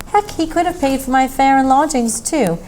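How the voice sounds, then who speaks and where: A woman reading a mystery short story aloud in a steady, measured narration. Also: high-pitched, a little hiss or hum, rough recording. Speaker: story reader.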